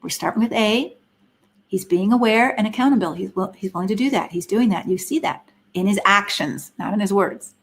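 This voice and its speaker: A middle-aged woman speaks earnestly on a live stream, pressing her points with repeated rhetorical questions. Her voice sits at an ordinary middle pitch for a woman, and her delivery is that of a seasoned counselor teaching an audience. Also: brisk.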